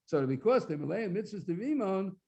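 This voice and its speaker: Very animated and fairly quick, this rabbi speaks in a high, gravelly, slightly mellow voice with a breathy edge. He delivers a Talmud lecture for a study completion in a synagogue hall, going through sources phrase by phrase, translating and sometimes repeating words as he searches for what comes next. The recording is dull and lo-fi.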